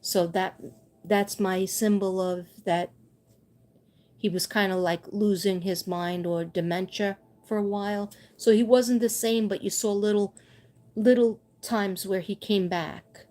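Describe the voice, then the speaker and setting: A woman doing a livestream spirit reading as a psychic medium, gentle and reassuring, repeating her messages. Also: mid-range voice, steady tone, measured pace.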